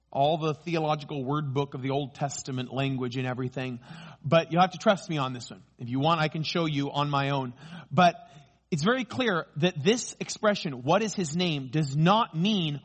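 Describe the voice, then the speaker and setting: A man preaching a sermon, emphatic, slowing down on key phrases and rising when excited. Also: fairly high pitch. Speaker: pastor.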